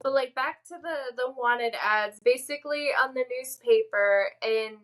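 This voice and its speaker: A woman's voice: sits high, unhurried, fairly bright tone, poor audio. A woman co-hosting a casual podcast, chatty and recapping with lots of fillers. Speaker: podcast co-host.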